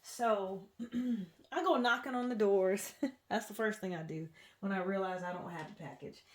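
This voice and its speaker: A reborn doll artist tells a rambling story in a casual home vlog while changing a doll, her talk full of fillers and restarts. Her voice is medium-pitched at a normal speed.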